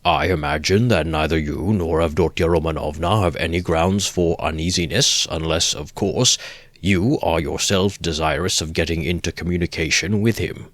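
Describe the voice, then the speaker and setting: Self-important middle-aged gentleman, read by a male narrator, low voice, formal and wordy, dry close sound. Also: normal speed, dry recording. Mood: pompous. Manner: formal, long-winded, pompous.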